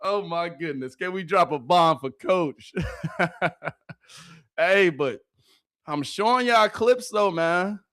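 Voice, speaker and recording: A man hosting a live sports reaction stream, loud and excitable, often yelling and laughing into a close microphone. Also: high voice, slow pace, long pauses. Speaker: sports reaction livestream host. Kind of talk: hyped live commentary on football clips. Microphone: close microphone he yells into.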